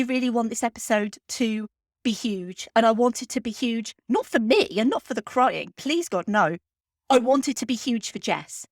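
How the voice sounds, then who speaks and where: A woman's voice: a little high, dry recording. Tearful woman podcast host, dry close sound. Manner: earnest and heartfelt, speaking with pauses. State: emotional, close to tears. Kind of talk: heartfelt spoken podcast tribute.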